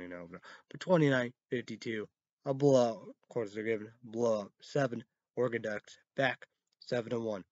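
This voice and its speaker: A man talks through college football results in a loose, rambling way, stumbling over words and circling back with fillers. His voice sits at an ordinary middle pitch, and the recording is dry and a little dull, as if made at home. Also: a little mellow, dry recording. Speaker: show host. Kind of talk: casual sports recap vlog.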